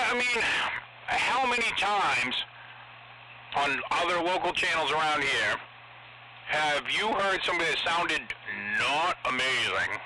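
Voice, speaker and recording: A man on CB radio chatting casually, opinionated and outspoken, with frequent swearing. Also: a little high. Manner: animated, opinionated, profane. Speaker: CB radio operator. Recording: CB radio with loud noise.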